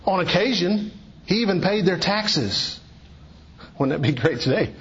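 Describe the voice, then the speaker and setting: A man preaching a sermon with a slightly high voice. He exhorts earnestly, sinking low and then climbing to emphatic peaks. The recording is dull and lo-fi. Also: expressive, a little slow, fairly bright tone.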